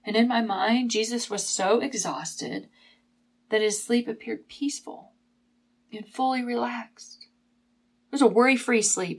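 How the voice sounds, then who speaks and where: A woman teaching a Bible lesson as a sermon, telling the story dramatically, at times hushed and at times emphatic. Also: medium pitch, normal speed, poor audio.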